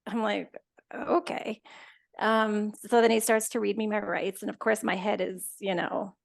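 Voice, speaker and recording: A woman tells a story as a guest, with a heavily gravelly, creaky voice. She chats in an animated way, acting out both sides of a conversation. Her pitch sits in the middle for a woman. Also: normal speed. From Canada. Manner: chatty, animated retelling with quoted dialogue. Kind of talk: casual storytelling.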